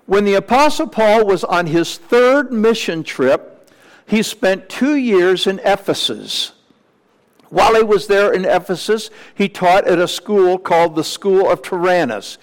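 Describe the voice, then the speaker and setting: A male pastor preaching a Sunday morning sermon in a measured, teacherly way, with small asides to the congregation. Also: sits high, lively intonation, big-room sound, rough recording.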